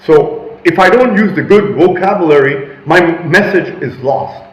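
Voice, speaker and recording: A man vlogging a rambling motivational monologue, emphatic and with loud assertive bursts. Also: on the high side, expressive, unhurried, roomy sound, low-quality recording.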